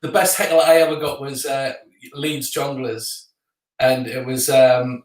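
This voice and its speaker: A man hosts a relaxed conversation, mostly chiming in with brief encouragement and quick remarks. His voice is mid-pitched. He sounds roomy and echoey, set back from the microphone. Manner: short encouraging replies and quick asides. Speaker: host. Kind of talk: casual chat. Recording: roomy sound, distant from the mic.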